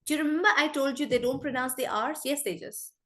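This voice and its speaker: Woman, online teacher, chatty storyteller, slightly higher voice. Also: fast talker. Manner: chatty and storytelling, addresses students as guys. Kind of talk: live online class.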